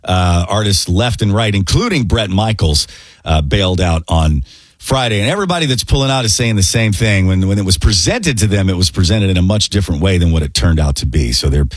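A male radio DJ talking loosely between songs in a slightly low voice. He rambles a little and fills the gaps with "uh" and "you know.". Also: expressive, fairly quick, no echo. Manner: chatty, filler-heavy. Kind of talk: casual radio banter.

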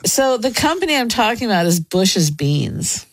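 A woman's voice: on the high side, very animated, moderate pace, no room sound. A woman co-hosting a podcast in a studio, chatting casually and joking as she reads out product copy. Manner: playful, jokey, reads product copy aloud. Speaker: podcast co-host. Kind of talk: casual chat.

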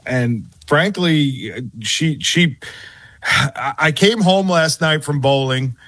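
A middle-aged man hosting a sports radio show, telling a story in halting bursts of mock outrage. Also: on the high side, a bit bright. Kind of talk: casual radio banter.

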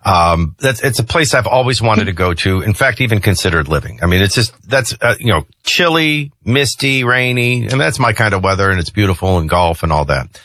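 A man's voice: fairly low pitch, a little fast, dry recording. A man hosting a morning talk radio show, chatting and joking with a correspondent. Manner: lively, joking, conversational. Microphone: studio microphone.

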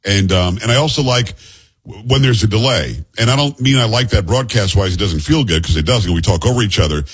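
Male radio talk show host, quick delivery, slightly husky, jokey rambling banter, studio mic. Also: on the low side, expressive. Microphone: studio microphone.

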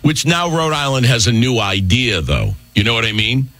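Animated joking radio host. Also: male voice, mid-range voice, normal speed, no room sound. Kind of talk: casual morning radio chat.

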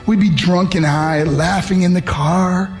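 A man's voice: high voice, steady tone, unhurried, a little mellow. A middle-aged man, a former wrestler giving an earnest, emotional motivational talk and acting out the voices of the people in his story. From United States. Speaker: motivational speaker. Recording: music underneath.

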